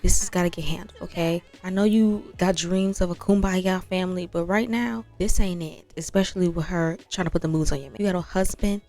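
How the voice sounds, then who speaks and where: A sassy, protective best friend who talks straight and uses plenty of slang, as a woman puts her on. Her voice sits fairly low, over faint background music. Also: fairly even intonation, brisk, hardly any pauses, dark tone, close to an everyday voice. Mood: blunt. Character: blunt, protective woman friend giving tough advice.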